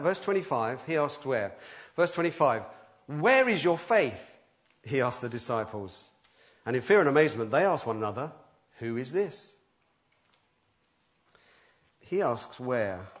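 A middle-aged man preaching a sermon, animated and conversational, breaking into loud acted-out voices. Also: medium pitch. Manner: animated, acts out quoted voices with sudden loud outbursts.

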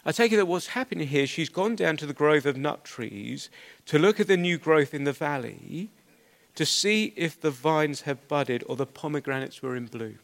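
Middle-aged male pastor, earnest and conversational, voice on the higher side. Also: expressive, moderate pace, gravelly. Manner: earnest, conversational, with small stammers. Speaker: preacher. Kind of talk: expository sermon.

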